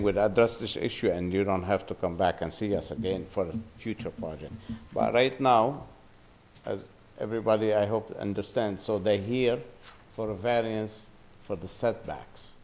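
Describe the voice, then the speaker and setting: A man chairing a town zoning board meeting, brisk and procedural. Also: lowish voice, a little mellow.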